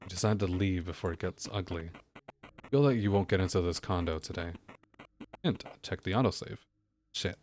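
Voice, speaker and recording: A man's voice: low-pitched, moderate pace, pauses often, darkish tone. A man streaming a video game, muttering wry, casual commentary with frequent swearing. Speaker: gaming streamer. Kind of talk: casual let's-play commentary.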